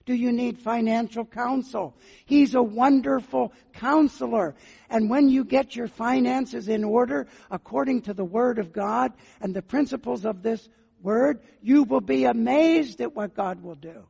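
A man's voice: extremely high pitch, normal speed, creaky, dark tone, breathy edge. An older man preaching a sermon as a pastor, earnestly putting questions to his listeners. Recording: muffled sound with long hall reverb.

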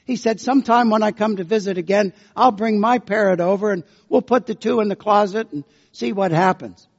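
A man preaching a sermon as pastor, telling folksy, unhurried stories. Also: high-pitched. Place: church sanctuary. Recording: dull lo-fi sound with long church reverb.

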